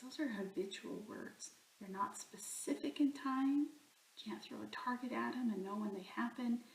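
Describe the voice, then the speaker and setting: A woman's voice: medium pitch, echoey room, slight background noise, rough recording. A woman teaching a recorded grammar lesson, explaining patiently step by step. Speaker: Spanish teacher.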